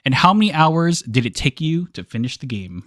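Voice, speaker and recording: Man, raised pitch, hosting a relaxed game club chat; joking, quick to laugh, dry mic. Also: no echo. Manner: laughs often, joking, restarts words. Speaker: podcast host. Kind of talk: casual group discussion.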